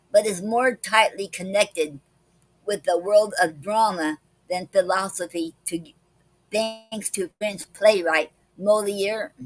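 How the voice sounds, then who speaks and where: On her poetry club live stream, a woman reads poems and explains a poetic form and a word of the day, pausing on "okay" often between parts as she reads slowly and carefully. She has a mid-range voice, with no echo and a low-quality recording.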